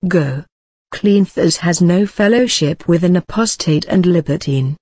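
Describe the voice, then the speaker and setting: Lady reading as a stern young stoic guy, reproachful, lowish voice, dry sound. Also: unhurried, darkish tone, slightly rough, no room sound. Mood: indignant. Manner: earnest, reproachful.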